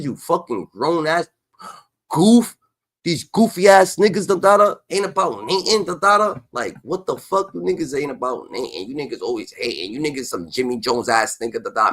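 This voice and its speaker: A man hosting a livestream, ranting in a heated, profane, streetwise way, swinging between loud outbursts and low mutters. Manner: profane, heated, with a repeated "da, da, da" filler. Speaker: livestream host. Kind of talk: unscripted streetwise rant.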